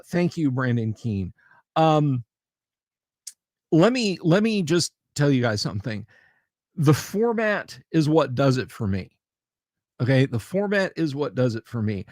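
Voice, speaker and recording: A man hosting a livestream talks in an unhurried, stop-and-start way, full of pauses and restarts. He repeats key phrases to drive his point home. His voice is recorded close and dry, with no room sound. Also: mid-range voice, no echo. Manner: emphatic, repeats himself. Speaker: livestream host. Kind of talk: casual chat.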